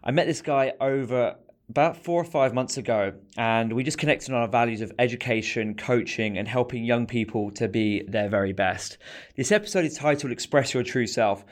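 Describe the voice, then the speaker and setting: Upbeat, friendly male podcast host. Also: medium pitch. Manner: upbeat and friendly, addresses listeners directly. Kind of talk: casual podcast interview.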